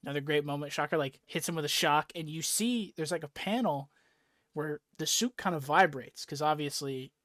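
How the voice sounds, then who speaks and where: A man's voice: a little high, normal speed, fairly bright tone, dry recording, studio quality. A young man hosting a casual podcast chat, rambling with lots of fillers and swearing freely as he recaps a story. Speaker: podcast host.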